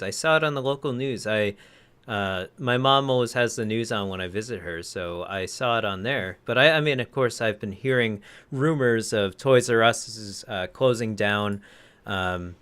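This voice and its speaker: A man's voice: on the low side, a bit bright, clean tone. A man co-hosting a casual podcast, telling a rambling story that he keeps correcting as he goes. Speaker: podcast co-host. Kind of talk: casual chat.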